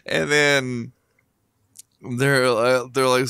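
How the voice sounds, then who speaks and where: A man's voice: medium pitch, steady tone, unhurried, fairly bright tone, smooth, no echo. A middle-aged man tells stories on a casual podcast, full of swearing and sarcasm, and keeps breaking into laughter. His voice sits close and dry on the mic, with almost no room sound. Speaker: podcast co-host. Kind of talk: casual chat, storytelling.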